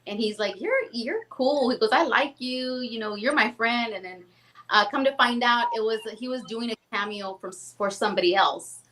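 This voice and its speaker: A woman guest on a podcast, telling lively stories in casual chat and acting out the quotes. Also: fairly high pitch, fairly quick, a little hiss or hum. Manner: animated storytelling, acts out quotes. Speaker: guest singer.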